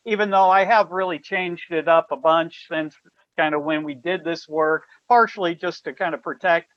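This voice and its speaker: A man's voice: a little high, no echo. A man presenting a strategy webinar, walking listeners through slides and asking a colleague to advance them. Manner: explanatory, directs slide changes. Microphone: video call. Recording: dull lo-fi web call audio.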